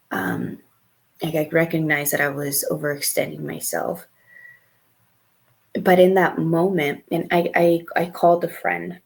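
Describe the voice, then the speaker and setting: Young adult woman podcast host, lowish fry-tinged voice, frank and profane casual talk. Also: poor audio. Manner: frank and profane, many fillers and restarts. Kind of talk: candid casual chat.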